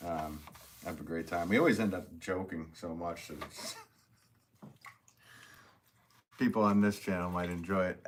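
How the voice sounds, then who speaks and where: A man's voice: low voice, animated, normal speed. A man hosting a casual live stream, reading viewer comments aloud, chatty and upbeat, thanking people and laughing often.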